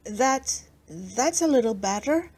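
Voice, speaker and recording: A woman's voice: on the high side, lively intonation, darkish tone, slightly rough, pitched above the performer's own voice, full character voice. A woman reading aloud, voicing a huge, sad, stranded sea monster in a children's storybook. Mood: pleading. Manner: pleading, weary, drawn-out.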